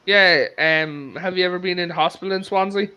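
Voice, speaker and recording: A man's voice: high-pitched, brisk, clean tone. An Irish man hosting a casual chat, telling stories with lots of laughter. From Republic of Ireland. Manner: animated storyteller, laughs often. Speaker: podcast host.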